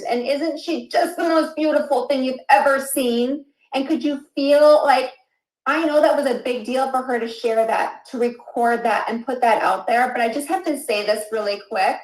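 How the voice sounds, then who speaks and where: Giddy, effusive woman hosting a webinar. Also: high-pitched. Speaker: webinar host. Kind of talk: online webinar talk. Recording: roomy echo.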